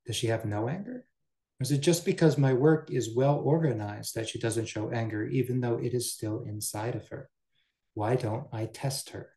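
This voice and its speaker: A scheming young servant woman, played by a man, thinking aloud in a calculating, musing way. The tone stays mellow and soft, and a roomy echo hangs around the voice. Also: medium pitch, normal speed, lightly acted. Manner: musing, calculating inner thoughts.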